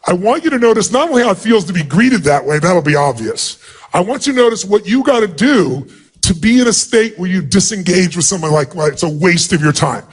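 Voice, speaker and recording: A man's voice: sits high, fairly quick, husky. A man leading a live motivational seminar in a large hall, energetically calling out instructions to thousands of people. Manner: commanding, energetic, calling out to the crowd. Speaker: seminar speaker leading an audience exercise.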